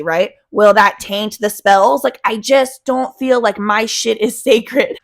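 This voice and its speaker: A young woman talks straight to her viewers in a casual vlog. Her voice sits a little high, and she swears bluntly and freely. She keeps an animated, outspoken delivery throughout. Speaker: vlogger.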